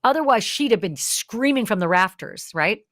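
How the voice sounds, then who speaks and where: A woman's voice: medium pitch, lively intonation, normal speed, a bit bright, no echo, clean studio sound. A woman hosting a true crime show, talking through the evidence step by step in a conversational way. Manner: acts out quoted lines with more energy. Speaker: true crime channel host.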